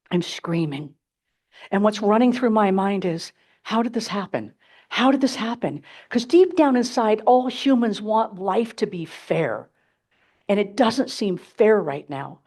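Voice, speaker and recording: A woman's voice: medium pitch, a little mellow. A woman giving a symposium talk, telling her own story candidly and dramatically to a live audience. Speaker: keynote speaker. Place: symposium stage before an audience.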